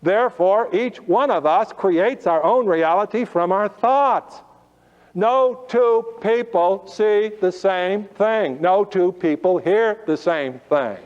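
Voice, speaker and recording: A man's voice: high-pitched, a little mellow. A man giving a motivational talk to a live audience, firing rhetorical questions and drawing out his key phrases. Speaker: motivational speaker. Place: auditorium. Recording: lo-fi recording with long hall reverb.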